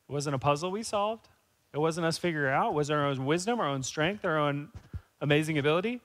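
A man preaching a sermon as pastor, speaking conversationally and rising to animated emphasis. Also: fairly high pitch, a little fast.

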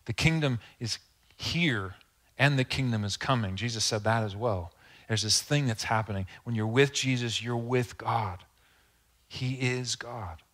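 A man's voice: medium pitch, moderate pace, fairly bright tone. A man preaching a sermon as pastor, speaking earnestly and conversationally, with asides and questions to the congregation.

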